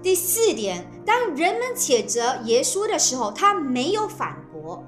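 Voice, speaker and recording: A woman interpreting a sermon phrase by phrase with expressive phrasing. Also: high voice, unhurried, roomy sound, faint music behind.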